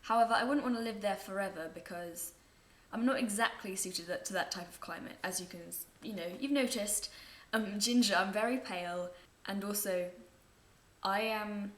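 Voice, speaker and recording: A young Englishwoman chats casually to camera at home, answering viewer questions, rambling and amused by her own asides. Her voice is medium-pitched, brisk, a bit bright, with lively intonation. The room is echoey, with faint background noise.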